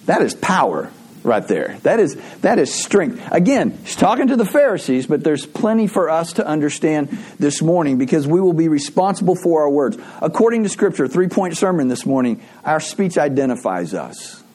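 A man's voice: a little high, sing-song, normal speed, darkish tone, slightly rough. A man preaching a sermon in a conversational way, asking rhetorical questions and adding playful asides. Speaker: pastor.

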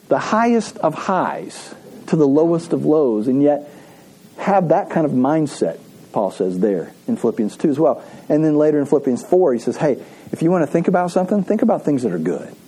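A man's voice: on the high side, dark tone, slightly rough, low-quality recording. A man preaching a conversational sermon to his congregation. He repeats key phrases and asks the room to read scripture aloud with him. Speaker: pastor. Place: church service.

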